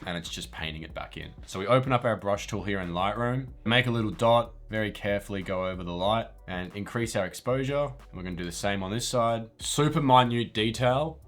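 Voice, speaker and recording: Lower-voiced man: blunt photo roaster, swears freely, mocking humor, chuckles at his own jokes. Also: a bit bright. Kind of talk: casual commentary over photo editing.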